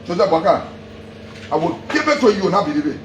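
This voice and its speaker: Very high-pitched Liberian man, angry and accusatory, repeats his points and shouts at times; echoey room, faint background noise. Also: sing-song, a little fast. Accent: Liberian English. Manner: heated, accusatory, repeating himself, sometimes shouting. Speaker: politician. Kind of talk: angry public address.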